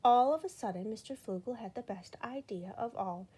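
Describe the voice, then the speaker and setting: A woman reading a children's storybook aloud with expressive storytelling emphasis. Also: a little high, normal speed, breathy edge. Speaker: storybook reader.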